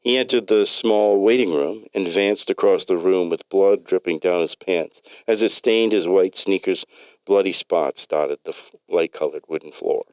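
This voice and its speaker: A man's voice: deep voice, moderate pace, a little mellow, no echo. A man reading a story aloud in a plain way, with slips and restarts.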